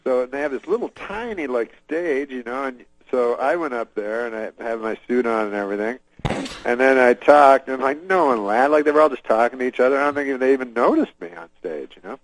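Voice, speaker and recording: Deadpan male guest, rambling storyteller, chuckles at his own tale, mid pitch, dry close sound. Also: brisk, dry recording, low-quality recording. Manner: deadpan storyteller, many fillers and restarts, laughs to himself. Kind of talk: rambling anecdote.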